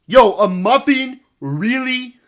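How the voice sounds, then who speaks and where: A man's voice: sits high, very animated, a little fast, pushed and bright, breathy edge, full character voice. A man putting on a tough, slangy, bossy middle-aged dad with a clipped delivery, opening lines with "yo".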